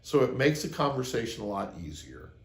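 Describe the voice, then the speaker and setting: A man's voice: mid-range voice, big pitch swings, fairly quick, reverberant. A man sharing a personal story as advice to his viewers, speaking earnestly and acting out the lines he quotes. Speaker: relationship advice host. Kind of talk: advice monologue to camera.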